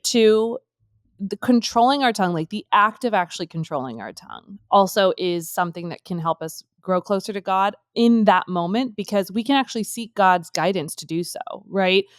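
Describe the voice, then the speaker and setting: A woman in her thirties co-hosting a casual faith podcast, thoughtful and full of "like", slowing down to stress her points. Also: medium pitch, dry recording, clean studio sound. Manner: thoughtful, many "like" fillers, slows down on key points. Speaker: co-host.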